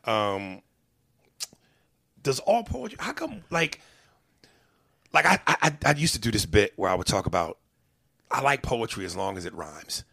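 A man's voice: lowish voice, big pitch swings, normal speed, gravelly, long pauses, pushed and bright, husky. A man hosting a casual podcast chat as a comedian, blunt and crude.

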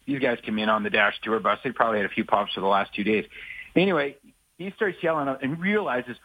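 A man from Saskatchewan, Canada, co-hosts a sports radio show, talking fast in a mid-range voice with a bright, forceful tone. His casual chat drifts into rambling anecdotes full of fillers and restarts. There's no room sound, and the audio is poor.

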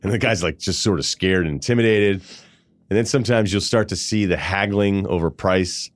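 Low-voiced man rambling with amused laughs. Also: moderate pace, no room sound. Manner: rambling, self-amused storytelling with frequent laughs. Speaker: podcast host. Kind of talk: casual comedic monologue.

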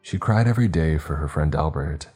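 A man narrating a story in a steady, measured reading. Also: rumbling low, slightly rough. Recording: faint background music.

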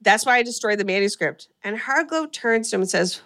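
A woman's voice: mid-range voice, expressive, brisk, a bit bright. A woman hosting a podcast, recapping a horror movie in casual chat and laughing often as she retells scenes. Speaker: podcast host.

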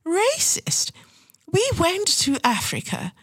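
A woman's voice: very high-pitched, wildly swooping pitch, takes it slowly, a bit bright, dry recording, voice pushed up, full character voice, poor audio. A woman putting on a posh English snob. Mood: snooty. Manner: drawling, affected, condescending. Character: pompous posh upper-class English snob.

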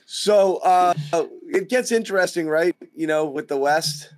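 A man's voice: sits high, a little slow, no echo, poor audio. A man hosting a casual basketball postgame show, joking and teasing his co-hosts. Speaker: podcast host. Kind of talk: casual postgame podcast chat.

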